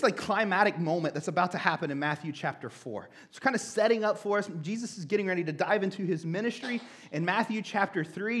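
High-voiced joking young pastor. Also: male voice, fairly bright tone. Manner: casual, joking, conversational preaching. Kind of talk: sermon.

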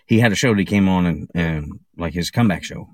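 A man's voice: sits low, fast talker, darkish tone, dry recording. A man telling stories in a casual chat, laughing often and slipping into voices for the people he quotes. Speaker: podcast guest. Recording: faint background noise.

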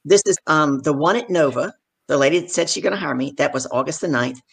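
A middle-aged woman, a professional speaker and guest, telling stories from her career in animated conversation and acting out the people in them. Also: low voice, fast, gravelly, husky. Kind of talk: conversational storytelling.

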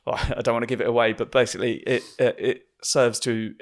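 A stand-up comedian hosting a casual podcast chat. His voice sits at an ordinary middle pitch, and he tells stories in a chatty, self-deprecating way with frequent laughs. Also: little pitch movement, fast talker.

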